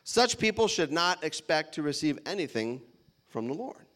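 A man preaches in a relaxed, conversational way, reading scripture aloud and stepping away from it for playful asides. His voice sits high for a man, and he laughs lightly now and then as he talks. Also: normal speed. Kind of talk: casual sermon with scripture reading.

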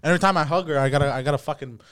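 A man in casual podcast chat, excitable and swearing freely, often calling others bro. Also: a little high, racing, clear, resonant tone, dry recording, clean studio sound. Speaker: podcast host.

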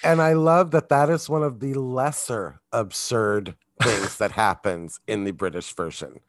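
Brief: unhurried male co-host, laughs a lot, dry close mic. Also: mid-range voice, no echo. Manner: laughs often, breaks into singing. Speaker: podcast co-host. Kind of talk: casual chat.

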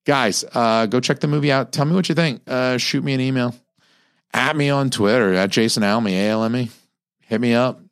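Rambling, profane man with a low voice. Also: dry recording, studio quality. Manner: rambling, profane, many fillers and restarts. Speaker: podcast host. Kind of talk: casual solo movie review.

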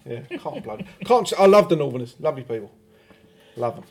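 A man's voice: mid-range voice, big pitch swings, quick pace. A man with a southern English accent co-hosting a podcast in casual chat, agreeable and full of yeahs. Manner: chatty, agreeable, lots of yeahs. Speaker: podcast co-host.

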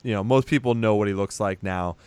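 A man's voice: on the low side, a little fast, a little mellow, clear, resonant tone, no echo. A man in casual chat, recapping a movie as a podcast host, chatty and teasing, swearing now and then.

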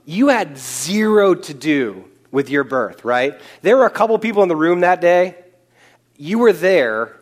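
A young man preaching a sermon, conversational, with joking asides. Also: on the high side. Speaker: pastor.

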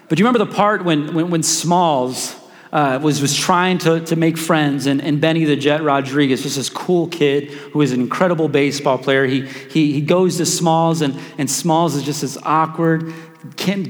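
High-voiced preacher man in a reverberant hall. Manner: animated, joking and calling for congregation responses. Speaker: pastor. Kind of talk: preaching a sermon.

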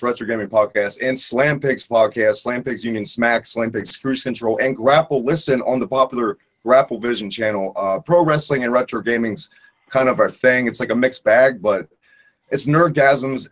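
A man who hosts several podcasts of his own, guesting on a gaming show. His voice is mid-pitched. He rattles off plugs in a rapid-fire way and swears freely. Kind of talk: casual podcast chat.

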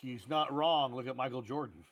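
A man co-hosts a movie podcast in a medium-pitched voice at a normal speed. His casual banter about films is jokey and animated, and he slips into silly put-on accents.

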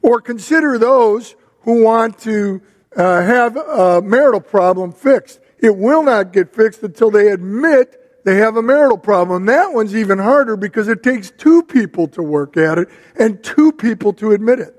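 A middle-aged man giving a sermon with a measured storytelling manner, pausing between phrases. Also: high voice, expressive. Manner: measured, storytelling preacher with pauses. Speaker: pastor. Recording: long reverb of a hall.

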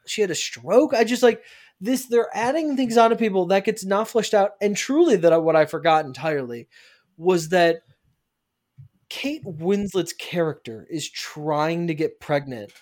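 A man co-hosting a casual movie review chat, animated and sarcastic, swearing and acting out scenes. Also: sits high, moderate pace. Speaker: podcast co-host.

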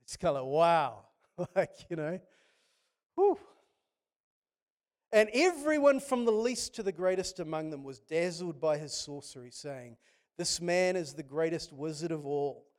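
A man's voice: fairly high pitch, animated, a little slow, a little mellow. A man preaching a sermon, telling stories with passion and frequent restarts. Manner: impassioned, storytelling with many restarts.

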